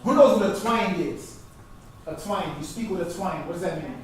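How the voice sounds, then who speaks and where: A man's voice: high-pitched, lively intonation, moderate pace, crowd noise. A man giving an artist talk as a performance poet, teaching in an interactive call-and-response style and prompting his audience to finish his phrases. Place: lecture hall with a live audience. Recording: echoey hall recording from far off.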